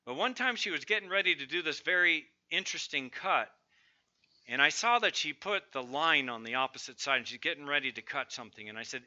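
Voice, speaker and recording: A man's voice: on the high side, animated, brisk, pushed and bright, lo-fi sound. A middle-aged man preaching a sermon, emphatic and building lists of strong words. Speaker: pastor.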